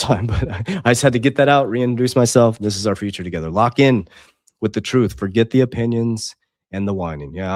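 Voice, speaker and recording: Intense and preachy, a man hosts a casual livestream where he reads Bible verses and chat messages out loud, alternating between loud and quiet. His voice is low-pitched, and the recording is dry and studio quality.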